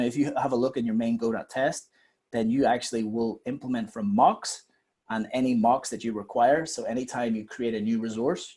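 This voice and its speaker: A man guest explaining software in a webinar, rambling and emphatic with repeated phrases. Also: medium pitch, husky.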